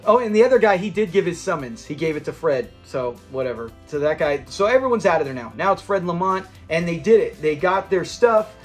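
A man's voice: on the high side, expressive, a little fast, hardly any pauses, soft background music. A man recapping a sitcom episode in a casual, enthusiastic, rambling way. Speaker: episode reviewer.

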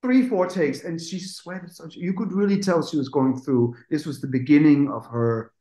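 Animated man telling studio stories. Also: a little high, moderate pace, reverberant, poor audio. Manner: animated, acts out quotes, swears casually. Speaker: music producer, guest. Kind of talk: anecdotal interview storytelling.

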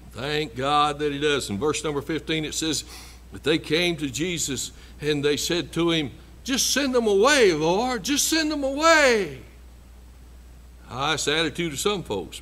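A man's voice: a little high, a bit bright. A man preaching a sermon in a church, folksy and emphatic, repeating his phrases. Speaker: pastor.

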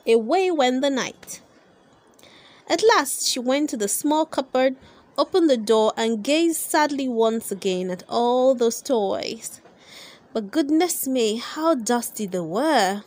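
A woman reading a children's storybook aloud in an expressive storytelling manner. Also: on the high side, takes it slowly, no room sound. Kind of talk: read-aloud storybook narration.

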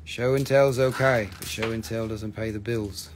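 A man's voice: lowish voice, steady tone, moderate pace, noisy background. A man hosting a casual live stream that sells crystals, joking, rambling and swearing as he talks.

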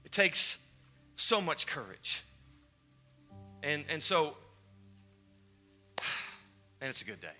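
A pastor with a high, very bright voice preaches to his congregation in a church sanctuary. He talks fervently and urgently and keeps circling back on his own words, with soft music playing under him. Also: sing-song, slow pace, pauses often. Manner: fervent, urgent, repeats phrases. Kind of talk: sermon with altar call.

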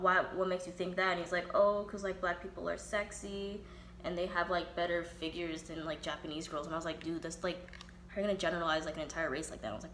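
A woman's voice: lowish voice, fairly bright tone. Young woman, casual storytime, blunt, swears, roomy echo, faint background hum. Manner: candid and profane, quotes herself and others in reenacted dialogue. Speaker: vlogger.

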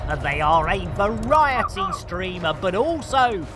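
Excitable high-voiced Yorkshire man streamer. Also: unhurried, few pauses, background noise. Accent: English, Yorkshire. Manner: excitable, shouts and taunts in bursts, British slang. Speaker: gaming streamer. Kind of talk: live gameplay commentary. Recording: game music loud behind.

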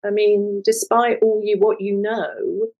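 An older woman, an artist being interviewed, telling a personal story in a lively conversational way and acting out the voices of people she quotes. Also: medium pitch, slow pace, phone-quality sound. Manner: animated, acts out quoted voices. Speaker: guest, multimedia artist.

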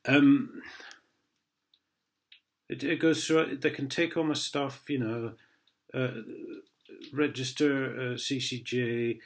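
A man's voice: mid-range voice, little pitch movement, slow pace, pauses often. An Englishman in an angry vlog rant, swearing heavily and mocking a letter he reads aloud. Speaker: vlogger.

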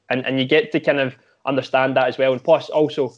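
A young Scottish former footballer chats casually as a podcast guest, often restarting sentences with repeated words. His mid-range voice is level and fast, and the audio sounds dull.

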